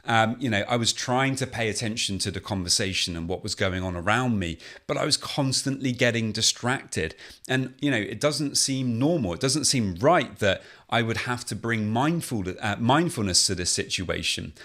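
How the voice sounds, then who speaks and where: A fretful man talks himself through a hard day back at work, swinging between resolve and exasperation, as a coach puts him on. The voice sits low and plain. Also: lively intonation, normal speed, a bit bright. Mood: exasperated. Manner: self-talk monologue, restless, exasperated. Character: anxious man returning to work, frustrated. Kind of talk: illustrative role-play monologue.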